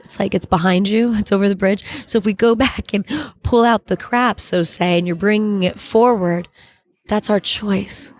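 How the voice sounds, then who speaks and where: A middle-aged woman, an actress being interviewed, giving an earnest, halting faith testimony and searching for her words. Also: medium pitch, darkish tone, no room sound.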